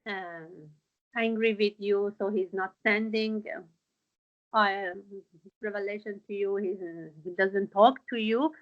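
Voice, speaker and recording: A woman's voice: mid-range voice, fairly even intonation, slow pace. Hesitant woman teaching a lesson, lo-fi. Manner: hesitant, many fillers and restarts. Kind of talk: Quran lesson explaining verses.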